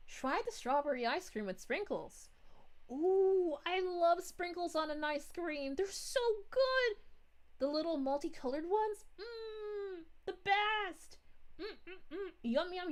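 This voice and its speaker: Woman as a sweet, giggly princess streamer, high and lilting, easygoing pace. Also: heavily acted. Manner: bubbly, giggly, drawn-out "ooh"s. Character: bubbly cheerful young princess, sweet and giggly. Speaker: VTuber streamer. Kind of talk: live stream chat reading in character.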